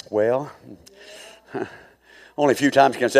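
A middle-aged male pastor preaching a sermon, swinging from hushed asides to fervent shouting. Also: medium pitch, expressive, brisk, pauses often, in a large hall.

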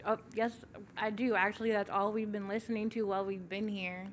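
A woman's voice: mid-range voice, little pitch movement, brisk. A woman from Toronto, a guest in a casual interview, talking bluntly with lots of swearing and filler words. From Toronto, Canada. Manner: blunt, profane, filler-heavy.

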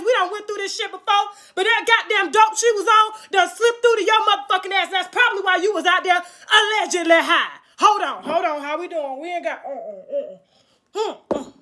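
Woman going off on a livestream, real high bright voice, cussing and mocking. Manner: taunting, crude, mocking with laughter. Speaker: livestream host. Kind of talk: profane livestream rant.

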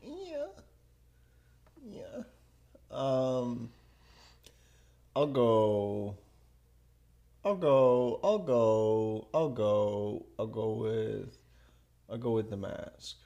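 A young man co-hosting a casual podcast chat, hesitant and slow to answer, with lots of ums. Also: lowish voice, creaky, mellow, muffled recording. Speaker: podcast co-host.

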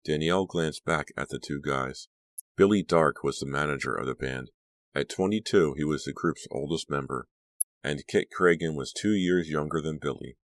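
A man narrating a young-adult horror audiobook in an even, measured reading. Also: rumbling low, dry recording.

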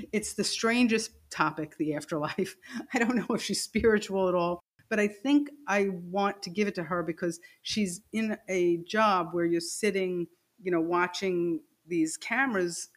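A woman telling a personal story as a podcast guest. She laughs as she goes and acts out the lines of the people in it. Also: on the low side. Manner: animated, laughing storyteller who acts out quoted dialogue.

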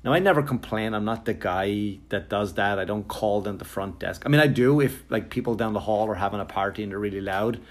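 A man's voice: lowish voice, fairly quick, hardly any pauses. A man, a touring comedian, telling a long story in a rambling, sarcastic, profane way, full of fillers and quoted exchanges. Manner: animated, jumping into quoted exchanges. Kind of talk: casual comedic storytelling monologue.

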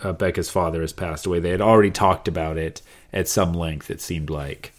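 A man's voice: low-pitched, fairly even intonation, a little fast. A man co-hosting a casual podcast chat, making wry, joking asides about a TV show. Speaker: podcast co-host.

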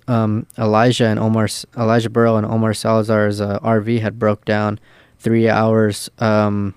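Young man telling rowdy stories, smooth low voice. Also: no echo. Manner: loose and profane, full of fillers. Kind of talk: casual storytelling.

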